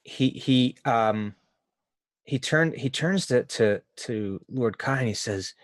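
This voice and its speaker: A man narrating a tabletop game as game master, chatty and halting, laughing often. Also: medium pitch, no echo.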